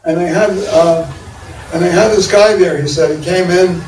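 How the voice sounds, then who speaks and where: A man's voice: high voice, moderate pace, darkish tone. Older New York man, distant and echoey. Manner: digressive, many restarts and fillers, wry laughs. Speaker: poet and guest speaker. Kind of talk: rambling improvised talk. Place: large echoey university room. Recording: echoey room, far mic, audible hiss.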